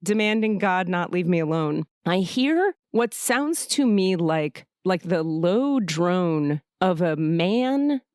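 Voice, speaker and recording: A woman's voice: lowish voice, slow, hardly any pauses, clear, resonant tone, no echo. Woman telling an emotional story, dry sound. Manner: emotional, profane, animated storytelling. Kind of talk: casual storytelling.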